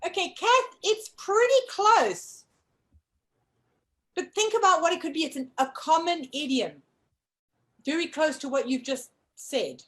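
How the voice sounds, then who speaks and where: A woman's voice: high-pitched, expressive, moderate pace, fairly bright tone, rough recording. A woman co-hosting a casual online lip-reading game, coaxing viewers to guess over a video call. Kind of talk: casual live-stream game chat.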